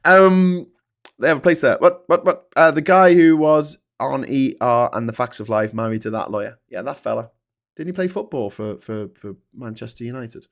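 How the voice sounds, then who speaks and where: A man from England hosts a casual live chat on his small channel. He rambles through headlines and viewer comments, swears freely, and trips over his own words now and then. His pitch sits mid-range for a man. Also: normal speed. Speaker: YouTube host.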